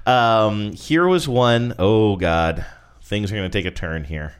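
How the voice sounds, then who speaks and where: A man's voice: on the low side, slow pace, clear, resonant tone. A man co-hosting a casual chat, joking and describing commercials. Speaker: podcast co-host. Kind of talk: casual chat reviewing ads.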